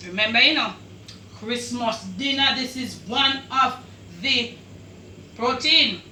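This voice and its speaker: A woman with a Jamaican accent hosts a cooking video in her home kitchen, chatty and full of exclamations. Her voice is high and bright. The camera mic sits some distance off in an echoey room. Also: expressive, normal speed, slight background noise. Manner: chatty, exclaims while tasting. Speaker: cooking channel host. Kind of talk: casual cooking demonstration.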